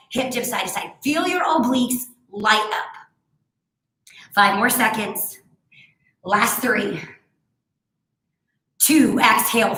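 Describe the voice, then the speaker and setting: A woman in her thirties coaches a barre workout with a bright, forceful voice. She chats casually and tells stories between cues to plank and breathe. The sound is roomy and echoey. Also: mid-range voice. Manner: chatty, storytelling between exercise cues. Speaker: barre instructor. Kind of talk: live home workout class cueing.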